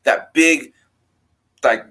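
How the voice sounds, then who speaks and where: Animated man rambling about movies. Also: very slow, low-quality recording. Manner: rambling, animated, acts out quotes in raised voices. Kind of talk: casual film discussion.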